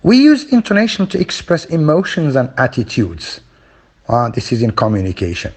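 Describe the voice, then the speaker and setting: A man's voice: mid-range voice, expressive, moderate pace, a little mellow. A man giving a phonology lesson, explaining stress and rhythm and drilling examples aloud, with frequent fillers. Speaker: teacher.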